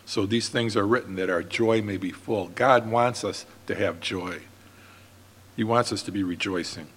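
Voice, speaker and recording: A man preaching a sermon as pastor, in an earnest, steady manner. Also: fairly low pitch, normal speed, husky, in a large hall.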